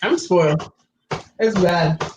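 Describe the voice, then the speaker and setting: Woman co-host, animated expressive voice, acts out quotes, recorded in a roomy echoey space. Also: lowish voice, takes it slowly, heavy background noise. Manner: expressive, acts out quotes, laughs while talking. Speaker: livestream co-host. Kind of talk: casual chat.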